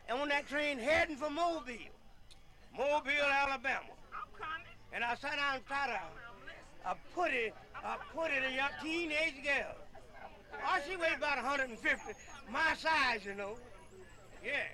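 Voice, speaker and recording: Guy telling funny tall tales, real high voice, laughs a lot. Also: moderate pace, crowd noise, poor audio. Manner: folksy, laughs often, repeats "yeah". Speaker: storyteller. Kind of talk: comic folk storytelling.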